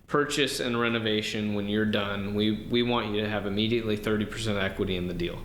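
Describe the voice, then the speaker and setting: A low-pitched man speaks in a relaxed, halting way and keeps starting over. He is recorded in a roomy, echoing space with a faint hiss behind him. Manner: relaxed, hesitant, many ums and restarts. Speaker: podcast guest, real estate wholesaler. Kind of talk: casual interview answers. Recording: roomy with faint background noise.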